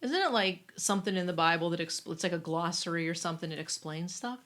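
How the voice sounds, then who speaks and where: Woman podcast co-host, bright and sharp tone, reads aloud and reacts casually. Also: fairly low pitch, quick pace. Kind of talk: casual chat, reading passages aloud.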